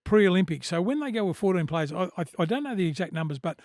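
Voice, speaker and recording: A middle-aged Australian man telling stories in a blokey, animated way, heavy with fillers, on a casual podcast. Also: high-pitched, fast talker, no room sound, studio quality. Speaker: podcast guest. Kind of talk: casual storytelling chat.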